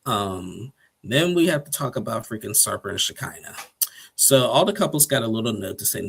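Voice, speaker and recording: Husky-voiced man rambling through a recap. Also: fairly low pitch, lively intonation, moderate pace, a bit bright. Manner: rambling, chuckles often, acts out quotes. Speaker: TV episode recapper. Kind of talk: casual recap commentary.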